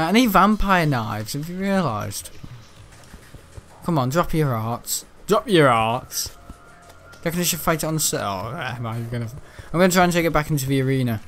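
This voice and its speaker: A man giving rambling, chatty gameplay commentary, laughing often and breaking into excitable outbursts. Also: on the high side. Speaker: gaming channel host.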